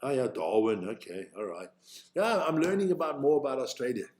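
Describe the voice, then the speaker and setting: A man's voice: medium pitch, big pitch swings, fairly quick, darkish tone. A man with a South African accent, chatting casually on a live stream while he watches rugby, thinking aloud and swearing freely. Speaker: live-stream host reacting to a rugby match.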